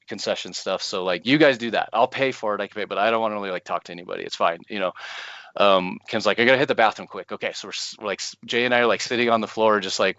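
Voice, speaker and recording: A man co-hosting a podcast, telling a personal story in a casual, animated way and laughing often. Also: lowish voice, clear, resonant tone, no echo, highs cut off. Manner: animated, laughs often, acts out his own panic. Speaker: podcast co-host.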